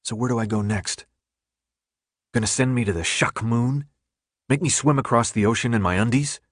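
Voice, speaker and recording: A man's voice: mid-range voice, normal speed, dry recording, close to an everyday voice. A man voicing a tense, sarcastic teenage boy held captive, pushing back at his jailer. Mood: defiant. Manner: sarcastic, defiant.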